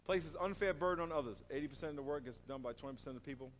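A man preaching a sermon in an animated, emphatic way, asking his congregation rhetorical questions. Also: a little high, rapid-fire. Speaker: pastor. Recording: reverberant hall.

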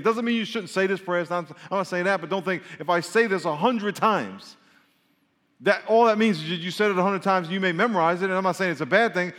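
Preacher guy joking with the congregation, kinda high voice, big echoey church sound. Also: fairly bright tone. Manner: humorous, conversational preaching with jokes to the congregation. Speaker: pastor. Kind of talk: sermon. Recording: long hall reverb.

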